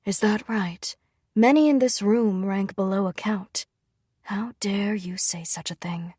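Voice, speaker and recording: A woman voicing a calm, cold young prince who speaks in a quiet, measured, commanding way. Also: medium pitch, breathy edge, no room sound, studio quality. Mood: coldly commanding.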